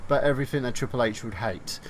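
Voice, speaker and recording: A man in a middle pitch hosting a casual podcast. He talks loosely and rambles a bit, with frequent ums and restarts. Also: fast talker, crowd noise. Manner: loose, filler-heavy delivery. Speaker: podcast host.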